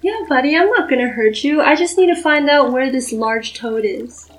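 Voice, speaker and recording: A woman voicing her friendly young druid character, talking gently and coaxingly to an animal. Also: high-pitched, animated, moderate pace. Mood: reassuring.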